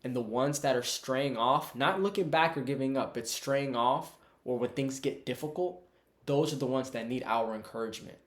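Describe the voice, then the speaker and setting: A man's voice: medium pitch, moderate pace, echoey room. A man giving a casual, conversational Bible teaching online and calling his viewers "bro". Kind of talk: casual preaching to camera.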